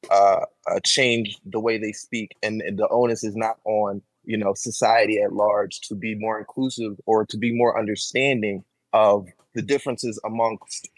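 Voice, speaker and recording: A man joining an online debate panel from his phone, asking a long question with many pauses and fillers. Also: lowish voice, little pitch movement, dry recording, rough recording. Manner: hesitant, many fillers while building a question. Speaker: panel participant. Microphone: phone over voice chat.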